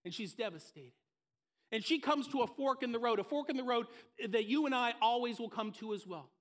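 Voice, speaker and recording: A man preaching a sermon, telling a story with emphatic, repeated phrases and dropping soft at the low moments. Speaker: pastor.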